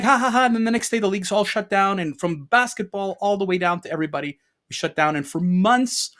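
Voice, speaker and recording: A man co-hosting a sports talk show, delivering an emphatic rant. His pitch swings widely as he piles up rhetorical questions and leans hard on his points. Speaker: co-host. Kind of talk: opinion rant podcast.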